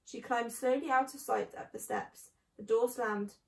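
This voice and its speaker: A woman reading a children's book aloud, clear and measured. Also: fairly high pitch, steady tone. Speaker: storyteller. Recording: echoey room.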